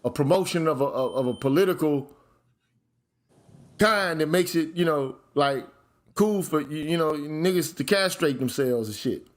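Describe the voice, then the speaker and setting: A man hosting his own channel, speaking in casual commentary, blunt and profane, at times working up into shouted rants. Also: fairly high pitch, expressive, normal speed. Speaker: channel host.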